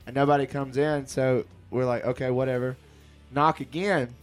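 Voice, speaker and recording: A man's voice: mid-range voice, fairly even intonation, normal speed, faint music behind. A man casually telling a ghost story on a podcast, laid-back and joking, with plenty of swearing.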